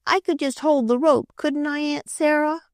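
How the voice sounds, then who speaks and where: A woman's voice: fairly even intonation, normal speed, no room sound, studio quality, natural voice. A woman voicing an eager little boy. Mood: pleading. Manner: pleading, high and breathless.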